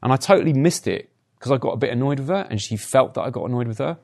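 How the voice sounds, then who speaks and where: A man's voice: medium pitch, animated, fast, creaky, darkish tone. A man giving a conversational sermon, telling personal stories and often adding tag questions like "right?". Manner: chatty, anecdotal, frequent tag questions. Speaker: preacher.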